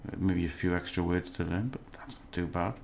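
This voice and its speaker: A man teaching a casual recorded language lesson, patient, often checking in with the listener and pausing on "uh" as he goes. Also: deep voice, gravelly, a little mellow.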